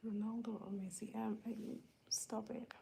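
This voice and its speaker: A woman from Uganda hosts a live stream and reads out her viewers' names in a hushed, unhurried voice. Her tone is mellow and dark with some vocal fry, a little higher than average. She sounds low-key and a bit under the weather, with faint background noise. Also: little pitch movement, low-quality recording. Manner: soft, laid-back and low-key. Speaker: livestream host greeting viewers. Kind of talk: whispery live-stream chat.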